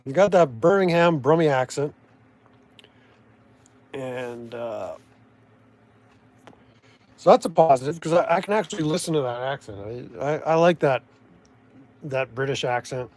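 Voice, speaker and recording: A man's voice: medium pitch, expressive, unhurried, pauses often, darkish tone. Rambling sardonic Canadian man. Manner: meandering, sardonic, full of restarts and trailing thoughts. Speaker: vlogger. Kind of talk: rambling casual commentary.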